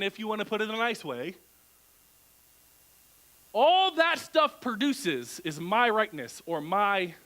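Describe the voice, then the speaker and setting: Pastor guy preaching in church, high voice that swoops all over, keeps asking "right?". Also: poor audio. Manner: animated, asks the crowd rhetorical questions. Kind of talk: conversational sermon.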